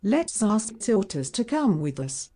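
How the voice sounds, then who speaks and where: A woman's voice: medium pitch, big pitch swings, slow, warm tone. A woman voicing a friendly, cheerful rabbit in a children's storybook, suggesting plans to friends.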